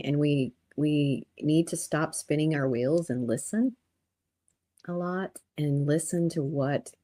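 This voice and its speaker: A woman with a very low-pitched voice, speaking as a guest on a podcast. She is mostly calm and reflective. She grows animated when she retells a story. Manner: calm and reflective, turning animated while telling stories. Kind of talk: casual interview chat.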